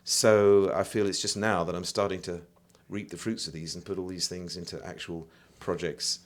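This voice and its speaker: An older English man on a podcast, telling stories in an animated way and now and then singing a line. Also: low-pitched, moderate pace. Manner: animated storyteller, breaks into song. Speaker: guest, photographer and musician. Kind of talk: casual podcast chat.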